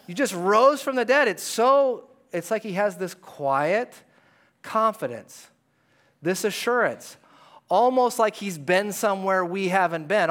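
A male pastor giving a conversational, animated sermon in a church, at times dropping to a hush. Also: high-pitched. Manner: conversational and animated, dropping to hushed tones for quoted words. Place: church sanctuary.

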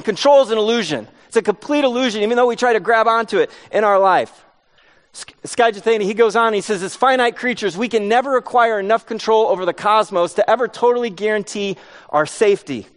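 Male preacher, higher-pitched voice, sermon, storytelling, self-deprecating humor. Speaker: pastor.

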